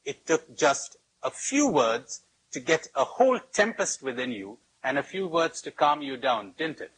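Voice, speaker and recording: A man playing a soft-spoken, gently ironic master. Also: a little high, sing-song, a little slow, a little hiss or hum, rough recording. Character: calm old spiritual master, mock-apologetic.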